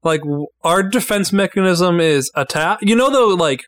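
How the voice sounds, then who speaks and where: A woman's voice: on the low side, expressive, normal speed, dry recording, studio quality. A woman playing a tabletop role-playing game, speaking hesitantly and often repeating her words. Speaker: player. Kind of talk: casual tabletop role-play.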